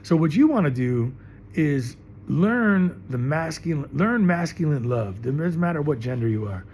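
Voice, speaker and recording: This middle-aged man's fairly high, expressive voice has a slightly mellow quality and a normal pace. He addresses the camera in an emphatic, wandering lesson, repeating himself often and speaking with passion. A little background noise can be heard.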